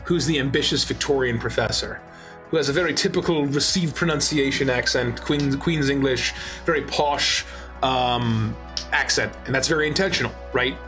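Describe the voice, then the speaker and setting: A man's voice: mid-range voice, normal speed, music in the background. A man talking on a casual talk show, explaining game-master advice with emphasis.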